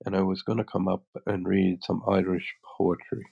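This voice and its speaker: A man with a head cold and a congested, stuffy voice, hosting a live audio chat room in a relaxed, rambling way. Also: low-pitched, moderate pace, creaky, slightly rough. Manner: relaxed, rambling host patter. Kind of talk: casual chat. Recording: dull lo-fi sound.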